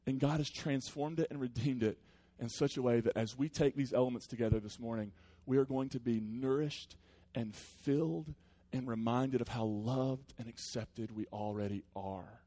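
This pastor's sermon is earnest and friendly in tone, middle-pitched, moving from chat-like talk into calm, reflective stretches. He speaks at normal speed with few pauses.

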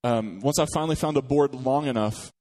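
A man's voice: medium pitch, brisk, darkish tone. A man preaching a sermon, telling personal stories and acting out quoted voices, with frequent restarts. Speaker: pastor.

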